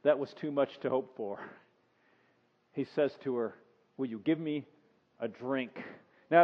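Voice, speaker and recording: A man preaching a sermon in a conversational way, acting out the story in voices. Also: fairly high pitch. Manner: conversational, acts out the scene in voices. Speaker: pastor. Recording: dull sound with long reverb.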